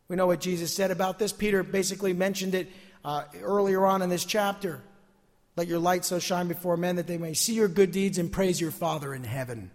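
High-voiced tired pastor preaching. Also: male voice, fairly quick, in a large hall. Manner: emphatic preaching, repeats key phrases. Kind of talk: sermon.

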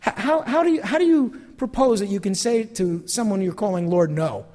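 A man's voice: sits high, fairly quick, mellow, long reverb tail. A pastor delivering a sermon in a church, talking animatedly and acting out the voices of people he quotes.

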